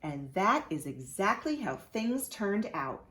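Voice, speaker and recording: A woman's voice: medium pitch, slow pace, reverberant. A woman preschool teacher reading a storybook aloud to young children, inviting them to join in. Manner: animated, asks children to join in.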